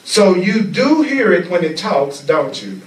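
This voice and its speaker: A man teaching a spiritual class, speaking slowly and deliberately and repeating key phrases for emphasis. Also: sits high, big pitch swings. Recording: echoey room, mic at a distance.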